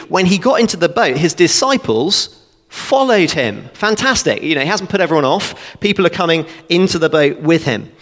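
A man delivers an animated, chatty expository sermon and keeps breaking in with joking asides. His voice sits a little high and swings up and down through a wide range. The sound carries a long reverb, as in a church hall. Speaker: preacher.

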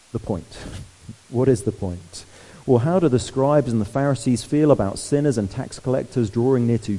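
A man preaching a sermon, lively and conversational, asking the congregation questions. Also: lowish voice, low-quality recording.

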